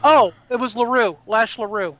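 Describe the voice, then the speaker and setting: Man, high voice, salty swearing storyteller, muffled lo-fi recording. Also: moderate pace. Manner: salty, swears freely, animated anecdotes. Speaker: podcast co-host. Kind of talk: casual storytelling chat. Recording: dull lo-fi sound.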